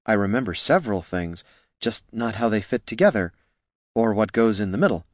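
A man voicing a boisterous, tipsy female elf adventurer who talks in a loud, gushing way. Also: on the low side, a little fast, no echo, studio quality, natural voice. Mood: dry curious. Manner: loud, gushing, slurred excitement.

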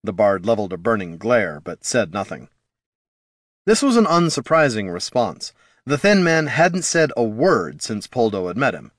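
A man narrating a fantasy story in a steady, storytelling delivery. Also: fairly low pitch, moderate pace, no echo, clean studio sound.

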